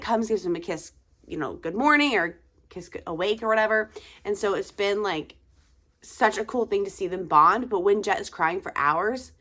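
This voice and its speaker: A young woman talks casually to her camera, tired and rambling, with plenty of fillers and sighs. Her voice sits at a middle pitch for a woman. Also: a bit bright. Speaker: vlogger, mother of two.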